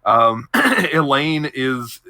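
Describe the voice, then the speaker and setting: A man's voice: mid-range voice, very animated, drawn-out words, pushed and bright, no room sound. A young man on a podcast, animatedly retelling TV episodes and laughing often mid-sentence. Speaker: podcast co-host. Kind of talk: casual chat, recapping TV episodes.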